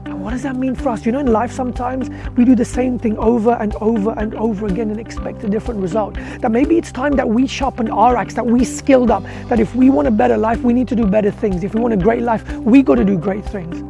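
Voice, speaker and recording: A man's voice: very high-pitched, fast talker, vocal fry, hardly any pauses, music in the background. A man giving a motivational talk to dental professionals, asking rhetorical questions and telling a story in an earnest, direct way. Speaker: motivational speaker for dentists.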